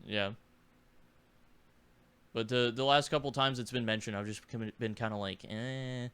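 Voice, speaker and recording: A young man with a sore throat chats casually on a podcast. His voice is bright and crisp. He talks haltingly, stopping and restarting. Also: on the low side. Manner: hesitant, halting, many restarts. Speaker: podcast co-host. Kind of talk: casual chat.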